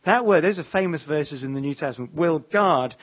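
A man's voice: on the high side, expressive, fast, breathy edge, dull audio. A man preaching an evening sermon, emphatic and repeating his words, with frequent fillers. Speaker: pastor.

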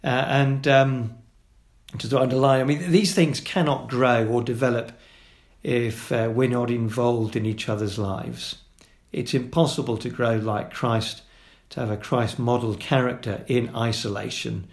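A man's voice: medium pitch, steady tone, unhurried. A man preaching a sermon as pastor, earnest, with frequent fillers and restarts as he works through numbered points. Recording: roomy church hall sound.

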